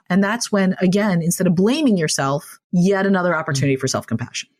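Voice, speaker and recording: A woman's voice: medium pitch, animated, fast talker, few pauses, a little mellow. A woman speaking as a podcast guest and clinical social worker, talking in an earnest, reassuring, conversational way. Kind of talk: podcast interview.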